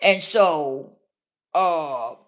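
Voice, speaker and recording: Woman telling her story straight, lively up-and-down voice, keeps saying you know. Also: sits low, extremely slow. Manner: blunt, casual, keeps checking in with the listener. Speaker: vlogger. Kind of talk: candid personal storytelling.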